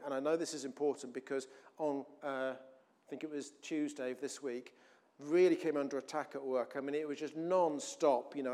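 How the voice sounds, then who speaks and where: A man preaching a sermon in a conversational way, often restarting, swinging between loud emphasis and quiet asides. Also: mid-range voice.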